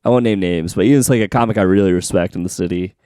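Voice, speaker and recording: A man's voice: deep voice, racing, smooth, dry recording, clean studio sound. A man, a comedian, chatting on a podcast, telling stories with acted-out quotes and frequent laughs. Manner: animated storyteller, acts out quotes, laughs often. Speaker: comedian guest. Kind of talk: casual chat. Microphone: studio mic.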